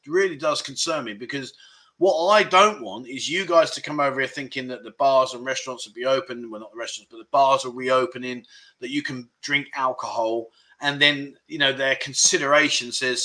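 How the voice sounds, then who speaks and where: A man's voice: mid-range voice, a little fast, bright, forceful tone. A man hosting a casual livestream chat, reading out viewer comments and chatting about them. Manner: chatty, reads out chat comments, frequent fillers. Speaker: livestream host.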